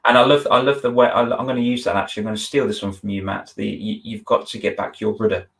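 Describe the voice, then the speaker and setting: A man's voice: fairly low pitch, steady tone, quick pace, gravelly, a bit bright, rough recording. A man, a confidence coach hosting a video-call interview, telling stories earnestly and with feeling, often restarting his sentences. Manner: earnest, emotional storytelling with many restarts. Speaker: confidence coach, podcast host. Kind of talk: conversational interview, storytelling.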